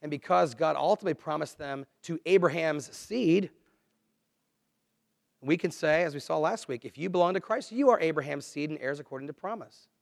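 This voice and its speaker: A man preaching a sermon, earnest and conversational, swinging between quiet, low asides and louder, emphatic lines. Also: fairly quick, creaky, no echo, clean studio sound. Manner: earnest, conversational preaching with dramatic dips and swells. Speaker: pastor.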